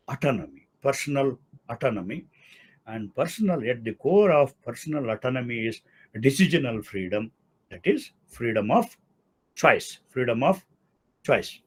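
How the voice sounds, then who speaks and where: An older man with an Indian English accent lectures as a law professor at a middle pitch. He explains patiently, repeats his key terms and checks in with "okay" as he goes. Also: lively intonation, normal speed, husky. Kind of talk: academic lecture.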